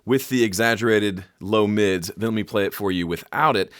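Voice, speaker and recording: A middle-aged music production teacher explains audio mixing to camera in a casual, animated and jokey way, sometimes imitating sounds with his voice. His voice is fairly low and clean at normal speed, in a dry, studio-quality recording.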